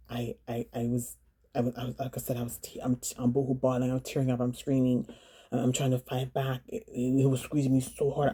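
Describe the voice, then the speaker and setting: A woman telling her own story in a vlog, halting and earnest, often repeating words and phrases. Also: rumbling low, warm tone, slightly rough. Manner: earnest, urging viewers to slow down.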